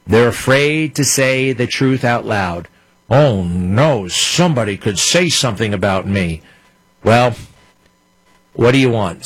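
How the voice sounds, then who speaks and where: A man's voice: medium pitch, no room sound, poor audio. A man hosting a radio talk show, delivering an opinionated monologue with sarcastic, mocking asides.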